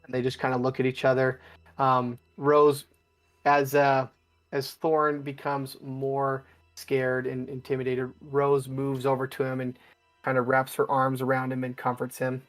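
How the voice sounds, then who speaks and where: A man at an ordinary middle pitch narrates a tabletop game as its game master. He describes each scene haltingly, circling back and restarting. A little music sits quietly behind him. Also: monotone. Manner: halting, with many restarts and fillers.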